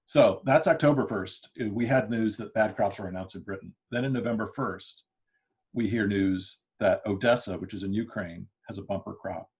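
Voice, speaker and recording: In a dull, lo-fi lecture recording, a history lecturer with a lowish, darkish voice speaks at a moderate pace. He runs an interactive class, talking loosely with plenty of fillers and restarts, and he chuckles often.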